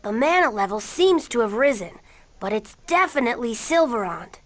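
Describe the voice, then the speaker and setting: A woman's voice: a little high, big pitch swings, normal speed. A woman voicing a curious young companion in a video game, sounding surprised and observant.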